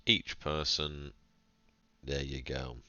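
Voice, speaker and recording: A man's voice: extremely low pitch, level tone, slow pace, bright, forceful tone, no room sound, muffled recording. A man hosting a gaming channel, reading game text aloud in a narrated let's-play and breaking off for playful, chatty, jokey asides.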